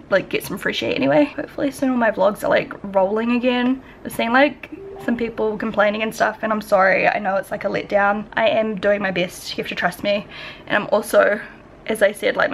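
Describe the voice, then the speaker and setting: A woman's voice: mid-range voice, gravelly, fairly bright tone, slight background noise. A young woman with a New Zealand accent chatting casually to camera in a home vlog, full of "like" fillers. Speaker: vlogger.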